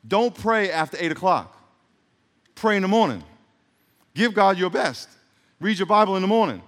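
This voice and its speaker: This middle-aged pastor has a high, fairly bright voice with lively intonation, speaking at a normal pace. He preaches in a church sanctuary, rambling off into jokes and asking the congregation for responses, while the hall reverberates around him.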